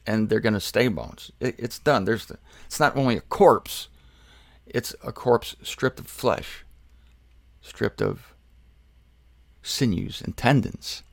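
Male preacher, mid-pitched, gravelly, emphatic sermon delivery, dry close sound. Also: no room sound. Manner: emphatic, asks and answers rhetorical questions.

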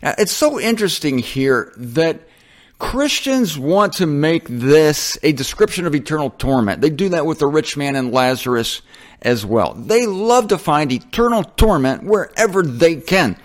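A man's voice: fairly high pitch, big pitch swings, a little slow. A man giving an informal, chatty Bible teaching to listeners he calls folks, correcting himself with a wry, self-mocking humor.

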